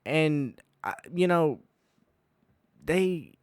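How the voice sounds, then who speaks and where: A man's voice: fairly high pitch, expressive, very slow, clean tone, dry recording, studio quality. A man hosting a casual commentary podcast, reading news aloud with wry amusement and frequent laughter. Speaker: podcast host.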